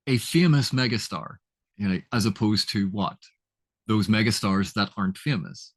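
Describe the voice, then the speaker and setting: A man's voice: on the low side, moderate pace. A man giving a chatty, casual lesson on literary terms, laughing at his own examples and often restarting his sentences. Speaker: literature educator.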